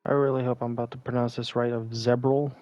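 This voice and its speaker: A man's voice: medium pitch, little pitch movement, quick pace, a little mellow, no room sound, highs cut off. A man playing a tabletop game, speaking casually and a little hesitantly. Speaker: player.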